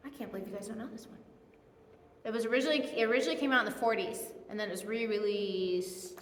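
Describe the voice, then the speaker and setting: A woman's voice: medium pitch, fast talker, slight background noise. A woman giving a casual sermon, retelling a movie plot in a chatty, laughing, self-correcting way in a church. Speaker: speaker at a church. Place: church sanctuary. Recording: echoey hall with long reverb.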